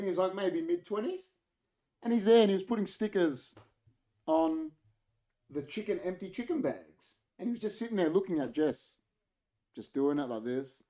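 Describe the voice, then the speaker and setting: An Australian man hosting a casual podcast chat, telling a story with lively acted-out quotes. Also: sits high. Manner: animated storytelling, acts out quotes. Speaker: podcast host.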